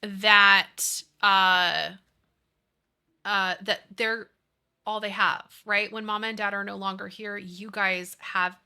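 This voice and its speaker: A woman's voice: mid-range voice, fairly even intonation, takes it slowly, pushed and bright, clean tone. Bubbly chatty woman streamer. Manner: chatty, gushing, reads chat aloud. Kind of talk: casual live-stream chat.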